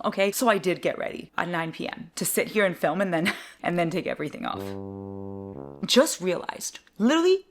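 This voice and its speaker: A woman's voice: on the low side, expressive, fairly quick. A young adult woman chatting casually in a book vlog from home, swearing a lot and poking fun at herself. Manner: swearing, chatty and self-mocking. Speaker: book vlogger. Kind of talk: casual, rambling vlog chat.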